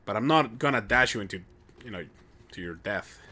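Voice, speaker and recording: A man's voice: fairly low pitch, animated, brisk, pushed and bright. A young man commentating his own gameplay on a live stream, chatty and joking as he thinks aloud. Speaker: game streamer.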